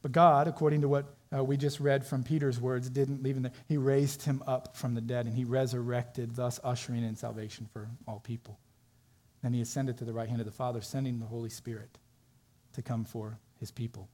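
A man's voice: medium pitch, flat delivery, a little fast, darkish tone. A middle-aged man preaching a sermon as pastor, earnest and emphatic, voicing the people he quotes. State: emotional, tearful at times.

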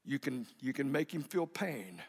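A man voicing God as a stern, commanding male deity, speaking low and quiet in a sermon recorded in a reverberant hall. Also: big pitch swings, normal speed, gravelly, breathy edge, heavily acted. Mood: solemn.

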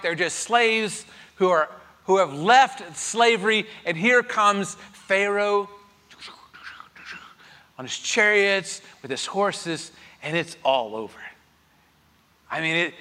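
A man preaching in a church, his high, bright voice ringing through a large reverberant room. He swings from soft, conversational reflection to loud, driving emphasis on key lines. The tone is earnest and rousing. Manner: builds from quiet reflection to shouted emphasis. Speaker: pastor. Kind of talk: sermon. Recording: long hall reverb.

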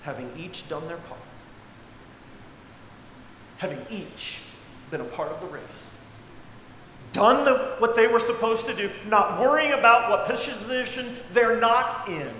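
High-voiced preacher in an echoey hall. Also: male voice, animated, a little slow, pauses often. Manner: dramatic swings between shouting and hushed tones. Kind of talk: sermon. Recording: echoey hall with faint noise.

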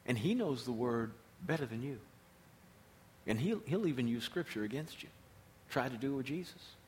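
A man's voice: mid-range voice, expressive, moderate pace, a little hiss or hum. A man preaching a sermon as pastor, emphatic and repeating his key phrases.

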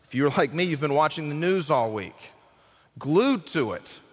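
A man delivers a sermon in a church hall, his voice sitting a little high for a man. He speaks earnestly and dramatically, slowing down to stress key points. A long reverb trails every phrase. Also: expressive. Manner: earnest, dramatic delivery with acted quotes and slowed emphasis. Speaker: guest preacher.

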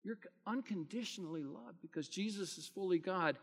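A man preaching a sermon as pastor, earnest, swelling loud on key phrases and dropping quiet between them. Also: high voice, moderate pace, creaky. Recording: long hall reverb.

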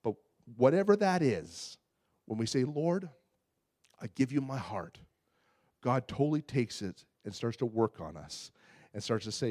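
A man, preaching and telling a funny personal story with animated, exasperated retelling. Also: medium pitch, unhurried, long pauses. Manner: animated storytelling, acts out his own exasperation. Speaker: pastor. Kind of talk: sermon with a humorous personal story.

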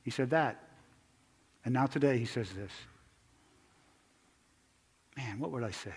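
A man's voice: medium pitch, animated, unhurried, husky. Man preaching in a reverberant hall. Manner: conversational preaching, swings between loud emphasis and hushed quiet. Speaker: pastor. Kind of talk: sermon.

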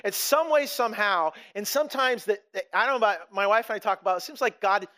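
A man's voice: high-pitched, fast, bright, forceful tone. A middle-aged man preaching a sermon as pastor, talking conversationally and often restarting his sentences. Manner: conversational, with frequent restarts and acted-out quotes.

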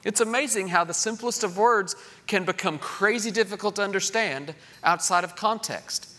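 A middle-aged man preaching a sermon in a lively way, acting out voices of children he quotes. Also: high-pitched, moderate pace. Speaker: pastor.

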